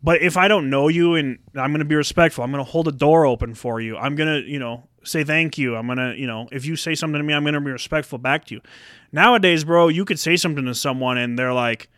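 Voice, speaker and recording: Young male podcast co-host. Bright, dry-miked voice, slightly high; swears a lot, rants, acts out the people he quotes. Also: quick pace, no room sound. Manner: profane, animated storytelling with acted-out quotes. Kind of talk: casual ranting chat.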